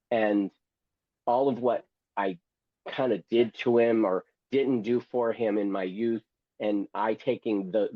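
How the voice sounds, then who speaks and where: A man's voice: lowish voice, no echo, muffled recording. A man who is a guest and memoir author, telling a story theatrically and with humor, acting out other people's voices. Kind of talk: storytelling, reading from his memoir.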